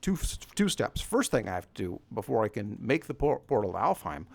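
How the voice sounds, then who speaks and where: Gravelly man narrating a game. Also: on the low side, very animated, brisk, dry recording. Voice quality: scratchy voice. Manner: rambling, self-deprecating, chuckles often. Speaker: let's play host. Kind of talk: casual gameplay commentary.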